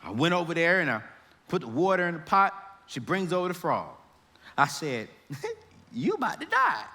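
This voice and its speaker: A man giving a comedic storytelling talk to students, animated and laughing as he acts out scenes. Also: fairly high pitch, normal speed. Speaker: speaker to students. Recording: echoey hall.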